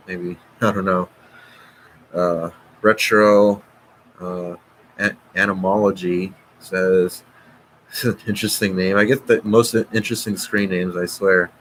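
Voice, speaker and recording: A man's voice: low voice, little pitch movement, a little slow, fairly bright tone, a little hiss or hum, poor audio. A man hosting a live stream, reading out viewer comments and swearing, agitated. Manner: profane, agitated, reads viewer comments aloud. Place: at home.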